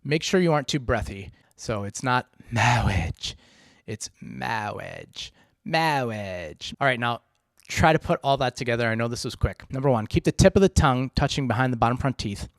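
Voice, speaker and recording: A man's voice: medium pitch, expressive, quick pace, hardly any pauses, dry recording, studio quality. A man teaching a voice tutorial as a vocal coach, explaining each step patiently and encouragingly. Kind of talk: instructional voice tutorial.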